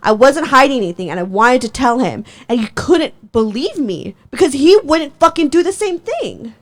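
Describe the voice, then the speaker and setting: A woman's voice: high-pitched, sing-song, normal speed. Profane, fiery young woman podcast host. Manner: heated, profane storytelling with frequent laughter. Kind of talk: casual chat.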